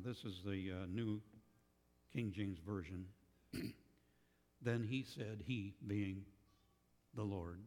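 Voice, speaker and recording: A man with a fairly low voice delivers a sermon, thinking aloud with frequent pauses and restarts. His words ring out into a reverberant hall. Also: a little mellow. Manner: slow, thoughtful, with pauses and restarts. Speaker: preacher.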